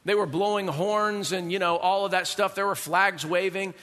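Male pastor, high bright voice, lively sermon delivery, long hall reverb. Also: normal speed. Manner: animated, rhetorical questions to the congregation.

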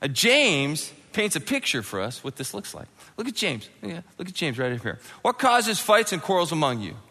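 A man's voice: fairly high pitch, sing-song, moderate pace, pushed and bright, big-room sound. A man preaching a sermon, acting out quoted voices and dropping suddenly to a near whisper. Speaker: pastor.

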